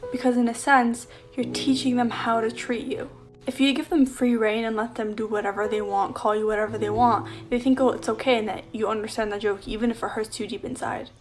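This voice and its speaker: Brief: woman, slightly high voice, earnest and instructive, music underneath. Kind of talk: motivational advice to camera. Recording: music playing behind the voice.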